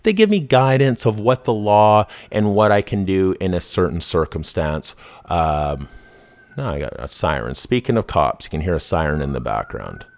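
A podcast host, talking in a blunt, profane, casual monologue full of restarts. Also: male voice, deep voice, animated, moderate pace, darkish tone.

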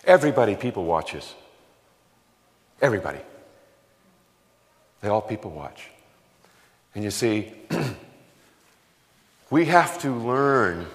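Speaking in a lowish, slightly bright voice, a male pastor delivers an emphatic, conversational sermon in a church sanctuary. He peppers the congregation with rhetorical questions, and a long hall reverb fills the recording.

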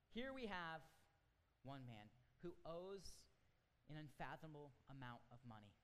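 A man, the pastor, preaching and retelling a parable in an animated, conversational way. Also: a little high, a little slow. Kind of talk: sermon storytelling. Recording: long church hall reverb.

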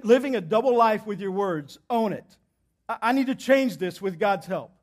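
A male pastor preaching a sermon in a church, emphatic and repeating his key points, swinging between loud and hushed delivery. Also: sits high, animated, normal speed.

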